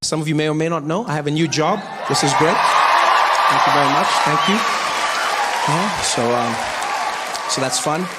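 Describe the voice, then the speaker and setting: Animated man doing stand-up in a hall. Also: on the high side, normal speed, long pauses, over a noisy crowd. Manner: animated, acting out characters' lines. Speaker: stand-up comedian. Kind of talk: stand-up storytelling. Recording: hall reverb with audience noise.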